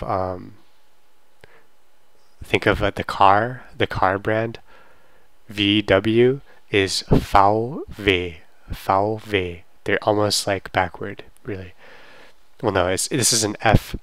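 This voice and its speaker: A man teaching a German pronunciation lesson, repeating words slowly to demonstrate them. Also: on the low side, steady tone, a bit bright, no echo. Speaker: language teacher.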